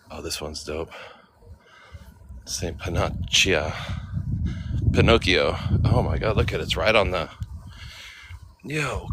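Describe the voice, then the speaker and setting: A man's voice: low-pitched, vocal fry, noisy background. A man casually vlogging on a walk, chatting to viewers and reading names aloud. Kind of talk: casual livestream walk-and-talk. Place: outdoor cemetery.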